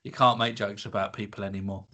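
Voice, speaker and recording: A man's voice: lowish voice, steady tone, quick pace, pushed and bright. A man co-hosting a casual comedy podcast, joking and acting out quotes as he tells anecdotes. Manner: jokey, acts out quoted voices. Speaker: podcast co-host.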